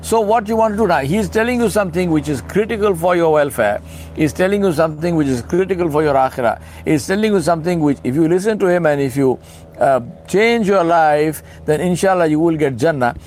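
A man's voice: a little high, fairly quick, darkish tone, slight background noise. A middle-aged man preaching in a conversational way, asking rhetorical questions and acting out little dialogues. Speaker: Islamic speaker. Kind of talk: informal sermon talk.

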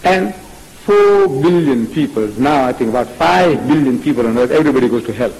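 A man giving a religious lecture as an Islamic preacher, firing off rhetorical questions in an animated way. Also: medium pitch, moderate pace, rough recording.

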